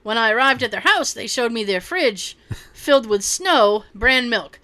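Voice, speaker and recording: A woman's voice: a little high, animated, moderate pace, bright, forceful tone. A woman co-hosting a casual podcast, reading listener stories aloud, often laughing and swearing casually. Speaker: podcast co-host.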